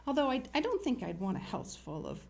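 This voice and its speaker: An older woman hosting a children's show, reading a picture book aloud and chatting warmly to young viewers. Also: on the high side, a little fast, creaky, a little hiss or hum. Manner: animated, storytelling, talks to young viewers. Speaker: children's TV host.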